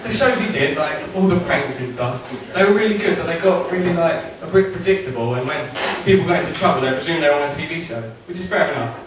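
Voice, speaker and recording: A man's voice: fairly high pitch, recorded from a distance, a crowd in the background. Young man doing stand-up in an echoey room. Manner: jittery, quick asides, deadpan punchlines. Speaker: stand-up comedian. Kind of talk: stand-up routine. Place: club or function room with audience. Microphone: distant camera mic. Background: audience laughter.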